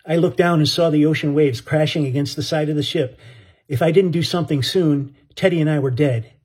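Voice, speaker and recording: A man's voice: a little high, fairly even intonation, fairly quick, a little mellow, slightly rough. A man narrating an audiobook story in an earnest, dramatic way.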